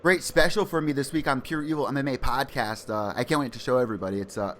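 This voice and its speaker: An American man hosting a casual sports podcast, eager and excitable. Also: mid-range voice, fast, a little hiss or hum. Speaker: podcast host.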